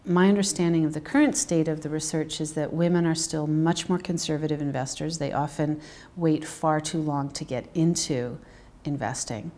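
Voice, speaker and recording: A woman with a low-pitched voice explains things steadily in an interview. She talks in a measured way and pauses now and then on fillers. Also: steady tone, dark tone. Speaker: financial psychologist. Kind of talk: interview answers.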